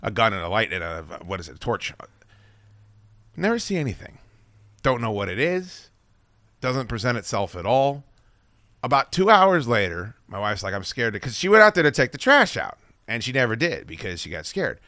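A man hosting a podcast, telling a story casually and with lots of swearing, acting out his own shouts. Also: mid-range voice, normal speed, dry recording, clean studio sound. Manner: profane, animated, acts out his own shouting. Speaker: podcast host.

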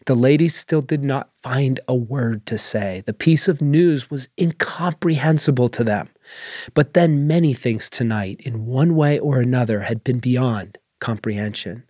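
Measured male storyteller, dry sound. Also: medium pitch, mellow, no room sound. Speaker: story reader. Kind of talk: scripted narration.

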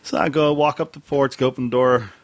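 Halting man, dry sound. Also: medium pitch, fairly even intonation, dry recording. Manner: halting, many fillers. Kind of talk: casual storytelling.

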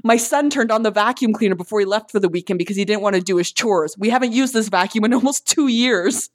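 A woman's voice: medium pitch, fast talker, no echo, studio quality. A woman co-hosting a podcast in casual chat, chatty and often trailing off with hesitant asides. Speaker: podcast co-host.

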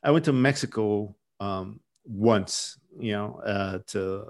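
A man's voice: on the low side, slow. A man hosting a podcast, telling stories in a rambling, chatty way with lots of restarts. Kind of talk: casual chat.

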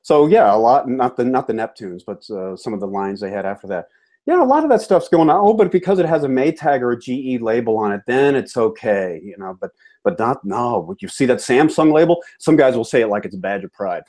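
A man's voice: medium pitch, big pitch swings, brisk, a little mellow. Man from Georgia, co-host; folksy, opinionated casual chat. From Georgia, US South. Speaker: co-host of an appliance repair show.

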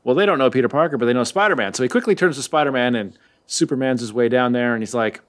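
A man hosting a casual chat, retelling a story in a rambling, playful way and briefly voicing the characters. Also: medium pitch. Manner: rambling, playful retelling with quick voiced asides. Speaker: podcast host recapping comics.

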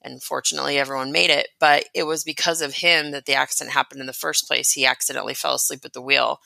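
A young adult woman co-hosting a casual podcast chat about church talks. She laughs often and thinks out loud. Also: low-pitched, vocal fry, no room sound, poor audio. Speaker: podcast co-host.

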